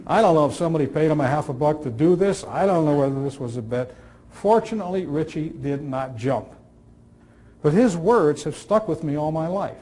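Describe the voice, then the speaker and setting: A man in his sixties giving a storytelling talk on listening skills, using dramatic pauses, repetition and dry humor. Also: a little high, a little mellow. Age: 60s. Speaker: speaker on communication skills. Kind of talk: storytelling talk to a live audience.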